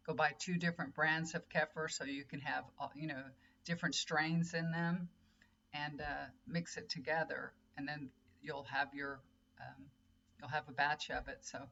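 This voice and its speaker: A woman's voice: sits low, fairly even intonation, moderate pace, vocal fry, sharp tone. A middle-aged woman, a tarot reader and healer rambling in casual chat straight to her viewers. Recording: dull lo-fi audio with faint hum.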